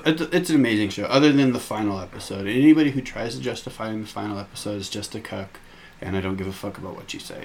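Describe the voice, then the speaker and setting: A man co-hosting a casual podcast, telling stories with lots of swearing and acted-out quotes. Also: mid-range voice. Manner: animated, profane storytelling with acted-out quotes. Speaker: podcast co-host. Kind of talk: casual chat.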